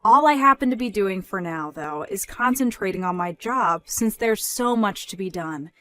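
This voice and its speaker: A woman voicing a calm young working woman who answers in a measured, polite but firm way in a dramatized story. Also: medium pitch, no room sound, faint music behind.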